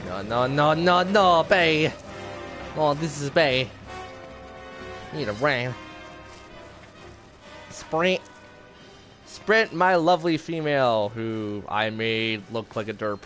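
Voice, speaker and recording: A man's voice: mid-range voice, slow, pauses often, music in the background. A man chatting casually in a rambling way while streaming gameplay. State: has the hiccups. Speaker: gaming streamer.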